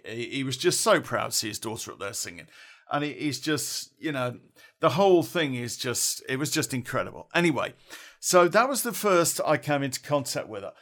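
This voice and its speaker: A man's voice: mid-range voice, fairly bright tone. A middle-aged man, telling a rambling personal story in casual speech, often chuckling and dropping salty slang. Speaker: podcast storyteller.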